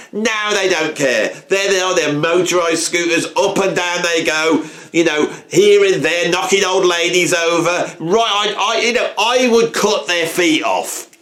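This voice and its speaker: A high, wildly swinging voice belongs to a blustering grump on a furious rant, as a man puts him on. He swears and fumes, his pitch leaping all over the place. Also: a bit bright, reverberant. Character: furious grumpy middle-aged English man ranting.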